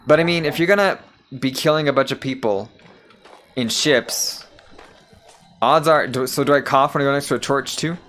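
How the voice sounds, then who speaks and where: A man's voice: mid-range voice, normal speed, long pauses, a bit bright, faint music behind. A young man giving profane, sarcastic let's-play commentary while gaming. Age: young adult. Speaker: gamer.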